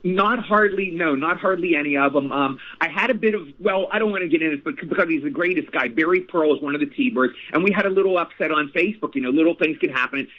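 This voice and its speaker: Man, 60s, actor guest, animated, repeats himself, rapid talk, phone-like audio. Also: a little high. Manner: animated, repeats phrases, addresses host by name. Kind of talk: casual interview storytelling. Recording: tinny phone line.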